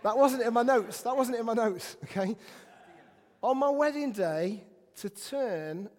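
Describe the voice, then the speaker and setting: Animated English preacher in a reverberant church. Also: male voice, very high voice, unhurried. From England. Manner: animated, self-deprecating storytelling with bursts of shouting. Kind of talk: sermon. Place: church sanctuary. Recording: church hall with long reverb.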